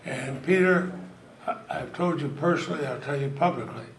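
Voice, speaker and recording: At a party in an event hall, an older man from Vermont tells homespun anecdotes, laughing softly as he goes, in a fairly high voice at normal speed. The audio echoes and carries crowd noise.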